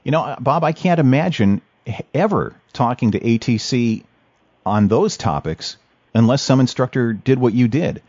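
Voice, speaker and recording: A man's voice: mid-range voice, animated, moderate pace, a little mellow, dry recording. A man hosting an interview who talks hesitantly, with many fillers and restarts. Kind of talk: casual interview chat. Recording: dull lo-fi recording.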